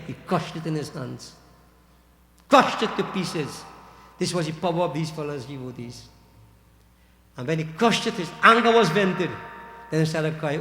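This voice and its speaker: Pandit preaching in an echoing hall. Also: male voice, fairly high pitch, normal speed. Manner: animated, addresses listeners as devotees. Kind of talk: sermon storytelling. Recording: echoey hall reverb.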